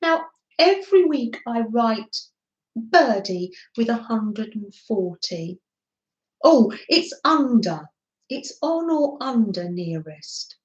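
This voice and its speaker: Her slightly high voice is very animated yet slow as this middle-aged craft streamer chats casually, reads out comments and warmly greets her viewers. She's indoors at a craft desk, in an echoey room, and the recording has its highs cut off.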